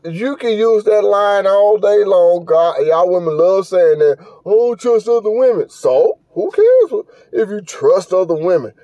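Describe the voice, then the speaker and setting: A man's voice: sits high, very animated, measured pace, few pauses, warm tone, dry recording. A middle-aged man hosting a podcast, giving blunt, profane, scolding commentary as he reacts to a video. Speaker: podcast host.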